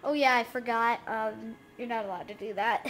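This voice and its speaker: Giggly high-voiced woman playing a game. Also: normal speed, faint music behind. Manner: giggly, excitable, talks to the game characters. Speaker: let's play gamer. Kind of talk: casual gameplay commentary.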